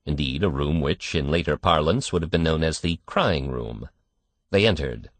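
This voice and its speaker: A man narrating a storybook reading with expressive storytelling. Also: extremely low pitch, moderate pace, no echo. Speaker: audiobook narrator. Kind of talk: scripted narration.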